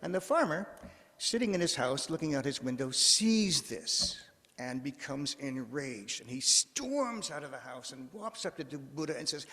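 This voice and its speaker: A man's voice: medium pitch, very animated, moderate pace, sharp tone. A man giving a sermon in a church, telling a story in a casual, conversational way with frequent restarts. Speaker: preacher. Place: church sanctuary. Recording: long echo of a church hall.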